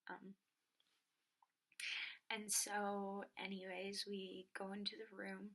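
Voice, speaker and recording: A young woman telling a personal story in a soft, often whispery voice, with many filler words. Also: medium pitch, monotone, slow. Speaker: vlogger.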